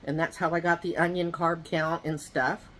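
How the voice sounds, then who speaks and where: Talking directly to viewers as she eats at home, this woman vlogger tells meandering, gossip-filled stories packed with asides. She speaks at a moderate pace in a lowish, fairly bright voice with little pitch movement.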